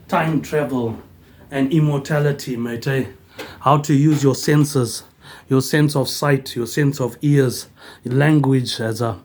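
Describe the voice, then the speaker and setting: A man, giving a rambling monologue and tagging almost every phrase with "mate, eh", which he says more softly. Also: mid-range voice. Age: 40s. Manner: tags nearly every phrase with "mate, eh", trailing off softer. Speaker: vlogger.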